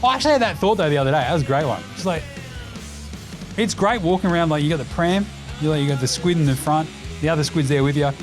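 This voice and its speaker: A man's voice: fairly high pitch, expressive, over music. A man in his thirties with an Australian accent, hosting a casual, profane, joking basketball chat. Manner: profane, joking, rapid-fire lists. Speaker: podcast host.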